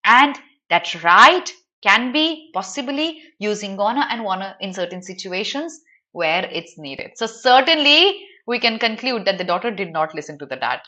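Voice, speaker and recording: A young Indian woman teaching English in a live online class, explaining an article lively and asking her students questions. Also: mid-range voice, moderate pace. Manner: animated, asks students questions, addresses viewers by name.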